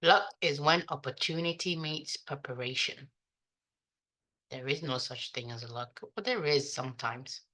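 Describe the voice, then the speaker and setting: A woman's voice: a bass voice, measured pace, pushed and bright. A woman with an accent mixing African, British and American, chatting to herself with casual swearing as she reviews her day trading. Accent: mixed African, British and American. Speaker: day trader. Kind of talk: casual self-talk during a trading session.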